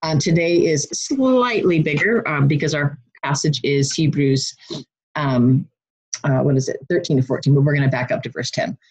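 A woman's voice: deep voice, normal speed, darkish tone, breathy edge, low-quality recording. A woman teaching a Bible study lesson in a casual, chatty way. She often breaks off to correct herself, and she has a runny nose. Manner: chatty, self-interrupting, laughs at herself.

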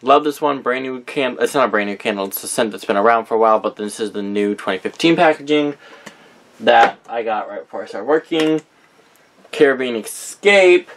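Animated and fairly quick, with a fairly bright tone, a young man's mid-range voice carries this casual vlog about his candle collection. He rambles while reading out names, correcting himself frequently along the way.

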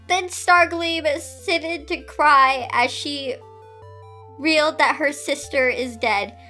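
A woman's voice: high voice, slow pace, pushed and bright, soft background music. A woman host reading a story aloud and breaking off with incredulous, laughing asides. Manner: incredulous, laughing asides between read lines.

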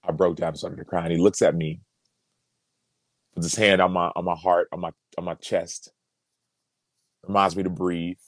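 A man with a very low, deep voice tells a personal story as a podcast guest. He speaks earnestly and reflectively, circling back on words as he works through a thought. The sound is dry and close, with no room in it. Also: flat delivery, moderate pace, long pauses, no echo. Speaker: podcast guest, former pro football player.

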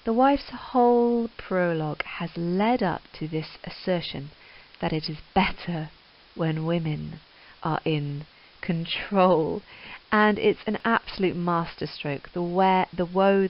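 A woman teaching English literature, reading Middle English verse aloud and explaining it with enthusiastic emphasis. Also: lowish voice. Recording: dull lo-fi recording.

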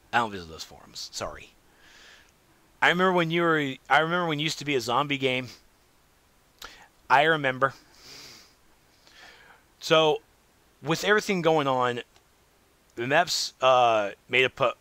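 A man hosting a casual solo gaming podcast, rambling and animated, swinging between loud remarks and muttered asides. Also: mid-range voice, no room sound. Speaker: podcast host.

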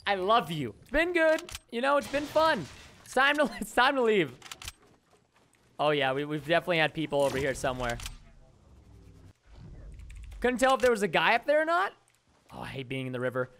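A man's voice: sits high, big pitch swings, a little fast, long pauses, bright, forceful tone, a little hiss or hum. A young man giving chatty, mock-grumbling commentary while playing a video game. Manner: chatty, mock-grumbling, joking asides to viewers. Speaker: gaming YouTuber. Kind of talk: casual gameplay commentary.

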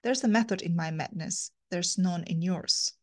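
A woman's voice: fairly low pitch, moderate pace, close to an everyday voice. A woman doing a sardonic, scoffing Englishman. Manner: dry, scoffing retorts. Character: sardonic Englishman, cynical and contrary.

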